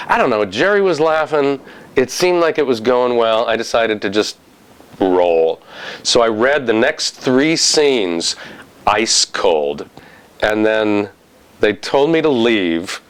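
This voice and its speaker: A man, an actor, telling an anecdote in an interview and acting out the people in it. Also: lowish voice. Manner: animated storyteller who acts out the voices in his story.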